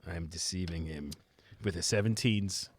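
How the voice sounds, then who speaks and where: A man's voice: deep voice, normal speed, no room sound. A man playing a tabletop game, talking playfully and dropping in a put-on character voice. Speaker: player.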